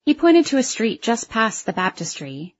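A woman's voice: fairly high pitch, big pitch swings, moderate pace, muffled recording. Wry woman reading first-person story. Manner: wry, self-conscious teen narrator voice. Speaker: audiobook narrator.

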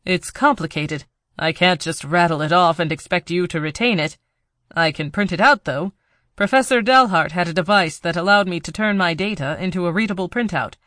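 Calm male house computer AI, read by a narrator, steady and explaining, crisp. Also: medium pitch, normal speed, no echo, clean studio sound, lightly acted. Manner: calm, explaining, pleading when she is hit.

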